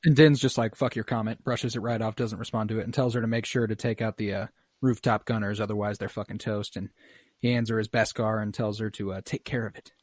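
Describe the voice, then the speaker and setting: A young man hosting a casual podcast, retelling scenes in a relaxed, profane way with quick quoted lines. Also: lowish voice, no echo, clean studio sound. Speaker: podcast host. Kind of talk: casual podcast chat recapping a show.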